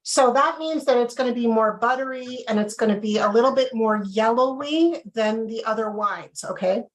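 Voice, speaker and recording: A woman's voice: fairly high pitch, moderate pace, poor audio. A woman casually leading a wine and cheese tasting on a video call, chatty and asking "okay?" after each point. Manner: chatty, checks in with okay often. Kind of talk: casual live tasting demo.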